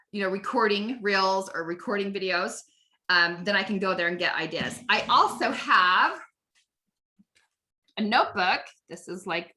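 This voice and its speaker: A woman's voice: medium pitch, pushed and bright. A woman coaching a live online group on network marketing, chatty and upbeat, often asking "right?".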